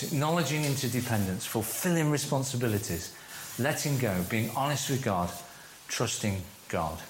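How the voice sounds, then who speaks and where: A man leading a church course, giving a teaching talk to a group and slowing down to stress key phrases. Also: mid-range voice, slight background noise. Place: room with a live audience. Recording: echoey room.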